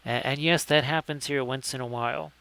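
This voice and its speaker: A man's voice: mid-range voice, steady tone, fairly quick, creaky, sharp tone. A man hosting a casual live painting stream, chatty and jokey with lots of fillers as he greets viewers.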